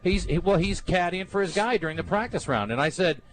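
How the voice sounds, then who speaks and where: A man co-hosts sports radio live from a golf course. His voice sits a bit high and swings widely as he acts out an argument. Faint outdoor ambience hangs behind him. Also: a little fast, slight background noise. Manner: animated storyteller, exasperated. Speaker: radio co-host. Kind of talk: casual sports radio banter.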